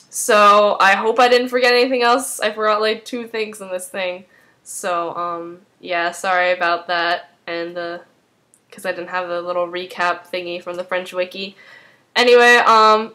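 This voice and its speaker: A talkative woman recaps at her own easygoing pace, her speech full of fillers and loose asides. She sounds casual and unscripted, in a middle pitch. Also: pushed and bright. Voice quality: rambling with many fillers, chatty. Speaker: fan recapping a TV episode.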